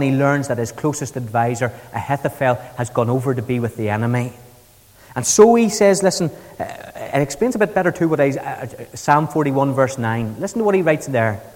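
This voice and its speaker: A man's voice: on the high side, a little mellow, in a large hall. A man preaching a sermon, retelling the scripture in a conversational, storytelling way. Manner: conversational storytelling, paraphrasing scripture in everyday speech. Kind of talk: expository sermon.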